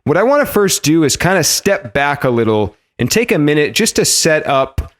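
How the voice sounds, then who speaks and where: A man's voice: on the high side, moderate pace. A man hosting a podcast, introducing his guest and asking questions in a chatty, casual way. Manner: lively, chatty, with fillers and restarts. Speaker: podcast host.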